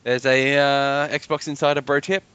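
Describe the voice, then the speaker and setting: Bright-voiced joking podcast co-host man. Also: mid-range voice, little pitch movement, unhurried, clear, resonant tone, no room sound, highs cut off. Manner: joking, laughs often. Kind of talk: casual podcast chat.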